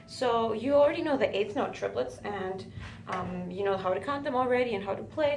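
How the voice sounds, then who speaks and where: A woman gives a patient drum lesson in an echoey room, drums ringing loudly behind her. She explains steadily, checking in with "right?" again and again. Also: a little high, moderate pace, creaky, over loud music. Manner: patient, counts beats aloud, says "right?" often. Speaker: drum teacher. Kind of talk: music lesson for a student. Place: music school room with a drum kit. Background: drum playing.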